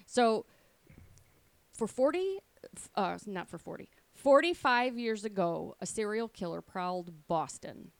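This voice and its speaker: A woman's voice: mid-range voice, expressive, measured pace, creaky, dry recording. A woman hosting a casual podcast, steadily telling a story from her notes and patiently handling interruptions.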